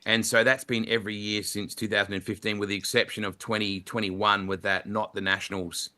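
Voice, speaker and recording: A middle-aged Australian commentator answers questions with long, lively anecdotes and jumps into playful voices for the people he quotes. His voice sits low but rings bright and forceful. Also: fairly quick. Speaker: motorsport commentator, guest. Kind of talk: storytelling interview answers.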